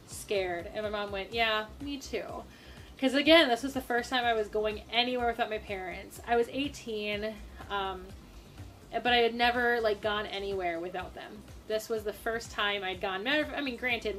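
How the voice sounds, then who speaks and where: A young woman from Minnesota telling a personal story to the camera in a casual, animated way, with quick asides and acted-out quotes. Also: medium pitch. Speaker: storytime vlogger.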